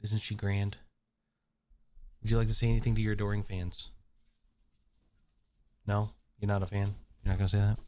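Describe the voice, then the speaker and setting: A man's voice: fairly low pitch, monotone, normal speed, long pauses, dark tone. A man live-streaming from a room at home, chatting playfully with his viewers and his cat. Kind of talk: casual live-stream chat.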